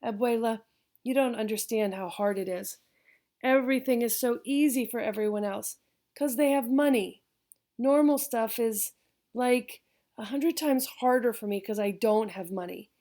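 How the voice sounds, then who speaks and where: A woman's voice: a little high, normal speed, dark tone, close to an everyday voice. Woman reading as a sullen young boy. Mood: frustrated. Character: frustrated poor young boy, sulky.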